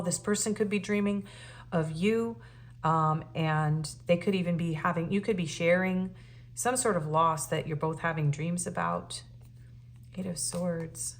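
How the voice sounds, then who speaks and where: A woman's voice: fairly low pitch, slight background noise. Earnest woman reading tarot cards. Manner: earnest and emotional, many fillers and restarts. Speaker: tarot reader. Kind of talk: casual spoken tarot reading.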